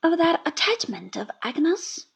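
A woman reading the part of a calm, composed young man who answers mildly and cheerfully. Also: very high-pitched, unhurried, gravelly, voice pushed up, full character voice. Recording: dull lo-fi recording.

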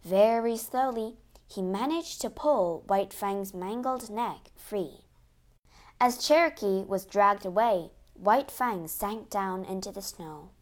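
Slow, steady female storyteller. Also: medium pitch. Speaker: narrator. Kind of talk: storybook reading.

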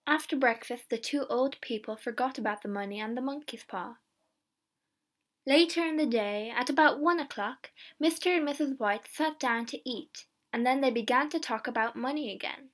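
A woman reading a simple story aloud in clear, slow narration. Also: high voice, fairly bright tone. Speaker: reader.

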